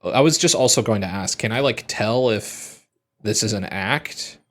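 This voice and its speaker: A man playing in a tabletop game, halting and curious, asking questions. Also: lowish voice, a little hiss or hum. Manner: halting, lively, asks questions. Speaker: player. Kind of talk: casual tabletop role-play.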